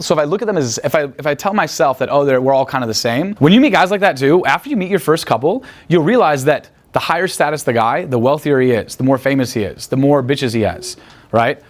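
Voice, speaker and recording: A man coaching a live group in a room, talking in a chatty, profane way and tagging many points with "right?". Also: fairly high pitch. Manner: rapid, profane, chatty, asks "right?" often. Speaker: dating coach. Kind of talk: live seminar talk.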